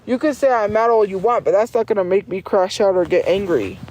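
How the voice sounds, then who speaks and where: A woman's voice: medium pitch, a little fast, a little mellow, a little hiss or hum. A woman livestreamer ranting at her chat in a profane, insistent and defiant way, repeating her points over and over.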